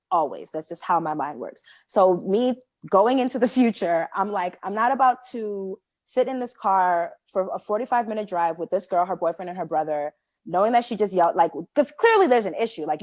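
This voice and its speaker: A young adult woman co-hosting a podcast, telling a story in casual chat, animated and full of "like" fillers as she acts out what people said. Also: medium pitch, dry recording. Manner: animated, many "like" fillers, acts out quoted dialogue. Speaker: podcast co-host.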